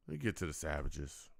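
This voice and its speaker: A man's voice: extremely low pitch, vocal fry, no echo. A man hosting a live football game reaction stream, groaning and exasperated as he reacts and reads chat comments.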